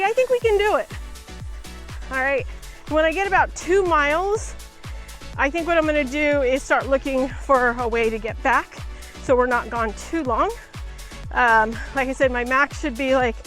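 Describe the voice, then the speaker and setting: A woman with a high, light voice chats casually while hiking a hillside trail, a little out of breath. She chuckles often and keeps talking to her dog, recorded outdoors on a handheld pocket camera with faint music underneath. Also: a bit bright. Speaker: travel vlogger.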